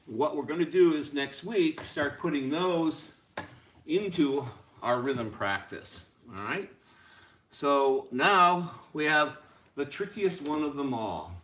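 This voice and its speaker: A music teacher gives a rhythm lesson, repeatedly chanting rhythm syllables to a steady beat. His voice is a little high and slow-paced, in an echoey room.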